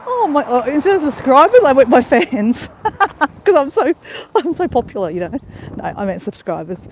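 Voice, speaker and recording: A woman's voice: high-pitched, big pitch swings, a little mellow, a little hiss or hum. Bubbly Australian woman chatting on a walk. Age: middle-aged. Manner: chatty, greets viewers, quick to laugh. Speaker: vlogger livestreaming a walk. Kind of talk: casual live-stream chat. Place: outdoors on a waterside path. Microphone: phone held while walking.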